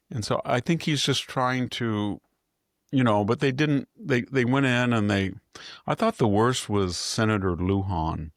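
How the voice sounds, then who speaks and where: An older man talks through politics in a casual, opinionated way, often restarting his sentences. His voice is low and gravelly. The sound is dry and close. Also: no room sound. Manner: rambling, opinionated, frequent restarts. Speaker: podcast host.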